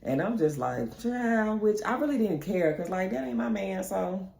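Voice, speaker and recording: A young woman casually telling a funny storytime, animated and slangy, laughing often. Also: mid-range voice, moderate pace, creaky. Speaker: storyteller vlogger. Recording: roomy echo.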